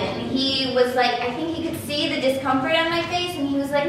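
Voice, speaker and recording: A young woman with a high voice tells a self-mocking story at a live slam and keeps breaking into laughter. She is heard from a distance in a very echoey room with faint ambient noise behind her. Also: a little fast, hardly any pauses, fairly bright tone. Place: small event space before a live audience.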